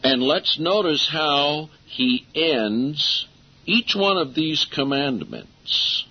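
A man preaching a sermon and reading scripture aloud, emphatic, slowing down to stress key phrases. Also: fairly high pitch, big pitch swings, breathy edge. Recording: dull lo-fi recording.

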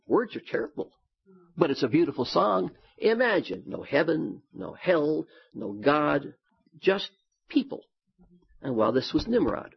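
Animated, husky-voiced male Bible teacher. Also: a little high, unhurried. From United States. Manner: animated, folksy, lively asides. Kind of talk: sermon. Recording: dull lo-fi sound.

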